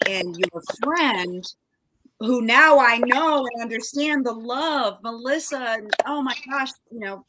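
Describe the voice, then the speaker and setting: A woman's voice: a little high, background noise. A woman chiming in enthusiastically on a casual live chat, cutting in on others. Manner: enthusiastic, chimes in, talks over others. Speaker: program director.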